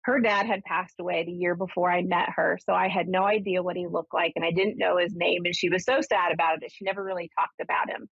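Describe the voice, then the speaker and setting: A woman, hosting a radio show as a medium, telling her story casually and giving readings in an animated way. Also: lowish voice, fast talker, gravelly, few pauses, husky, dry recording. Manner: animated, acts out voices when retelling. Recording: slightly dull lo-fi radio sound.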